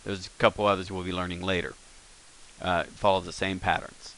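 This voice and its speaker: A man with a lowish, bright and forceful voice talks through a screen-recorded language lesson. His delivery is relaxed and unscripted, full of fillers and quick self-corrections. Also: slight background noise. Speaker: language teacher.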